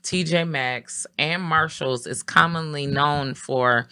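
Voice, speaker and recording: A middle-aged co-host chatting casually. The voice is bright and forceful. They keep the talk going with questions and laugh as they speak. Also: mid-range voice, takes it slowly, clean tone. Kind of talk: casual chat. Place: Mall of America area.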